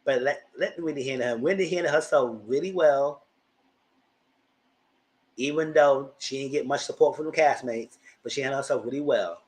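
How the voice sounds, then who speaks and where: A man's voice: mid-range voice, normal speed, rough recording. A man in his thirties giving chatty, slangy live commentary as host of his channel. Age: 30s.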